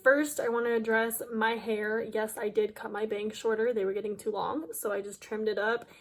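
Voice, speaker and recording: A woman's voice: on the high side, little pitch movement, normal speed. A young woman YouTuber telling a dramatic storytime to her viewers in a chatty, filler-heavy way. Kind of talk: casual storytime vlog.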